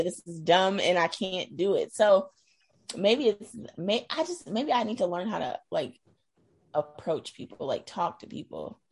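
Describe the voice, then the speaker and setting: A woman's voice: medium pitch, big pitch swings, moderate pace, a little mellow, slightly rough. A middle-aged woman from Iowa talking casually about her life, chatty and given to laughing, sometimes trailing off into doubt. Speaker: guest sharing her experience. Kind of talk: casual conversation.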